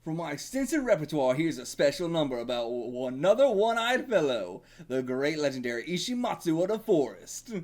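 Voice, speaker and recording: A man voicing a boastful, gruff old male coach with a put-on country twang, reading a manga page aloud. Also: a little high, sing-song, a little fast, few pauses, a little mellow, voice pushed down. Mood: grandiose. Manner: pompous, grandiose.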